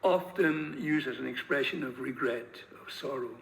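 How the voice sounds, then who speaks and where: A man's voice: mid-range voice, moderate pace, creaky, slight background noise, rough recording. A man teaching a grammar lesson, hesitant, with many fillers and repeated words. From northern England. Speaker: English teacher. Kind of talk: lecture-style grammar lesson.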